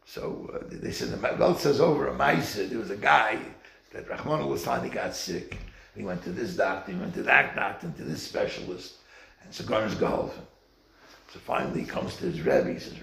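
A man's voice: a little fast, vocal fry, reverberant. A man teaching a Torah class, acting out the voices of the people in his stories. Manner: animated, acts out quoted voices with wide pitch swings.

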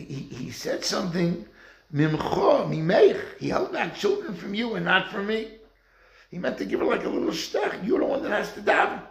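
A man teaches a Torah class, his somewhat high voice gravelly and lively. He swings his pitch widely as he acts out the people in his stories. The room around him echoes.

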